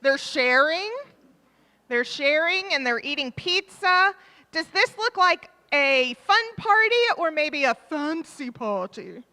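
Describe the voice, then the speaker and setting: Woman, children's-time leader in church: high, sing-song delivery, unhurried, encouraging question-and-answer, miked in a reverberant sanctuary. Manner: animated, encouraging, asks children questions and repeats their answers. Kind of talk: interactive children's talk with questions. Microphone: microphone.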